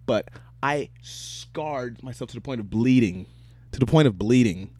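A man chatting casually as a co-host, telling lively stories and swearing freely. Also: medium pitch, measured pace, dry recording. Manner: animated storyteller, swears freely. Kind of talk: casual chat.

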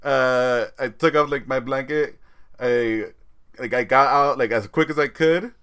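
A young man hosting a podcast, telling a story in a rambling, laughing, animated way. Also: mid-range voice, measured pace, clean tone. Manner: rambling, laughs often, tells stories animatedly. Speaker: podcast host. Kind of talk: casual chat.

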